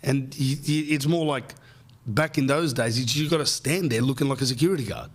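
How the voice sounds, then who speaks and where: A man's voice: medium pitch, a little fast. A man in his thirties with an Australian accent, a podcast host telling rambling comic stories in a casual, slangy way. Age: 30s.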